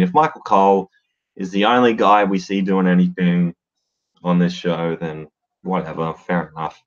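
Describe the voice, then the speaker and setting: A man giving casual solo commentary on wrestling, blunt and swearing freely, with lots of fillers. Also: on the low side. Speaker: wrestling podcaster. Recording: dull lo-fi sound.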